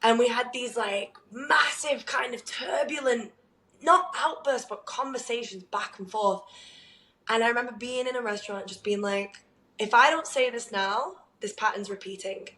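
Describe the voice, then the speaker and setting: A woman co-hosting a podcast, telling a candid personal story in an animated way, laughing often and using lots of "like.". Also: fairly high pitch, normal speed, echoey room, low-quality recording. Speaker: podcast co-host.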